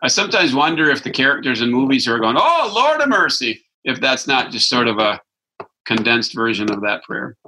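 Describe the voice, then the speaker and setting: A man's voice: medium pitch, brisk, sharp tone, low-quality recording. A man giving an informal spiritual talk as a Christian teacher, reflective and conversational, thinking aloud as he goes.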